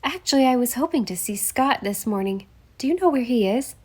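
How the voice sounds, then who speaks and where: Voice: a woman doing a polite young woman detective with a bright, slightly raised voice. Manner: courteous but persistent, pressing her questions gently. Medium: audiobook. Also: fairly high pitch, expressive, a little fast, slightly rough, voice pushed up. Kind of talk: audiobook character voice.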